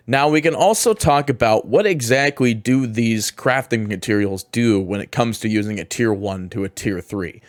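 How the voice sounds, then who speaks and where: A man's voice: mid-range voice, no echo, clean studio sound. A man narrating a casual game tutorial, explaining steps with occasional fillers and self-corrections. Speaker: gaming guide creator.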